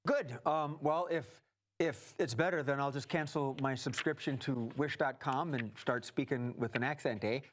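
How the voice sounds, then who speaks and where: A man's voice: mid-range voice, normal speed, close to an everyday voice. An improv performer in a TV studio playing a blustering male company CEO who jokes and stumbles over his words. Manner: jokey, stammering restarts. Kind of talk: improv comedy scene.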